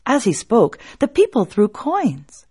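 A woman telling a folk tale in an expressive, drawn-out way, hushing at tense moments. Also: fairly high pitch, husky. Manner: expressive, drawn-out, hushed at suspense. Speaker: storyteller.

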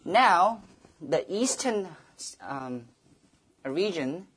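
A music lecturer, a woman with a low voice, speaks slowly while presenting a performer in a live lecture-demonstration. Her pitch swings widely, and she halts often with fillers and restarts, singing brief melodic examples. There's a faint hiss or hum.

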